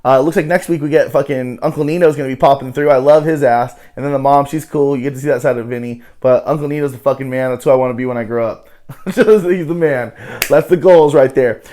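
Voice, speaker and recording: A man's voice: medium pitch, fast, dark tone. A man hosting a casual reality-TV recap show, talking loosely with plenty of swearing and filler words. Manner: loose, profane, heavy on "you know" fillers.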